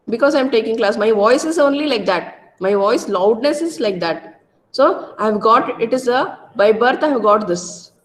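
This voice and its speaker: Loud Indian-accented woman lecturer. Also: a little high. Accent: Indian English, Karnataka. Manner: loud, repetitive teaching style with tag questions. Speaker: college lecturer. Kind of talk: classroom lecture. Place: classroom.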